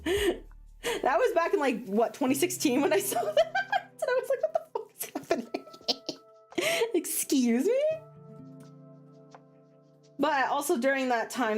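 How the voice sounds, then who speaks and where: A woman streamer chatting casually on a livestream, rambling and laughing often. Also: fairly high pitch. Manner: animated, giggly and rambling.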